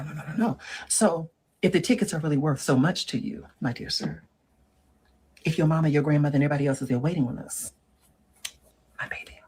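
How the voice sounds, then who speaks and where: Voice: mid-range voice, darkish tone, a little hiss or hum, natural voice, poor audio. A performer playing a sassy middle-aged woman who lectures on dating in a comedic monologue and keeps calling the listener girl and honey. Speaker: relationship advice monologue.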